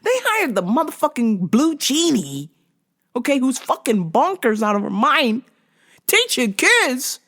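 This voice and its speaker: A woman's voice: high voice, huge pitch swings, unhurried, a bit bright. A woman hosting her own show, telling a comic story in a casual, profane monologue. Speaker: podcast host.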